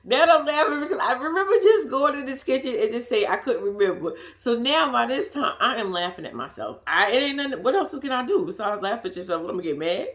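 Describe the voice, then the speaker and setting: A woman's voice: fairly high pitch, very animated, fast. A woman vlogger telling a story to her viewers in casual chat, swearing freely and laughing at herself.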